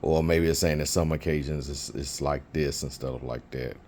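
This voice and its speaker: A man's voice: extremely low pitch, fairly even intonation, moderate pace, a little mellow, slight background noise. A man teaching biblical Hebrew in an informal lesson, thinking aloud with fillers and restarts.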